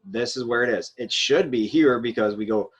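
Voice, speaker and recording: A man's voice: mid-range voice, normal speed, breathy edge, muffled recording. A man teaching a grammar lesson, explaining step by step while he writes on a board, with frequent fillers and restarts. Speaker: Spanish teacher.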